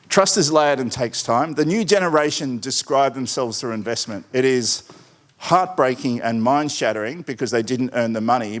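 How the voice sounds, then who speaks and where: A middle-aged man giving a conference keynote, telling stories with wry, digressive asides. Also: mid-range voice. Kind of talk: conference presentation.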